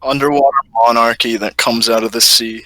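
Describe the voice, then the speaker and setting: A man's voice: mid-range voice, fairly even intonation, a little fast, bright, forceful tone. A young man co-hosting a podcast, bantering casually and laughing often. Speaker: podcast co-host.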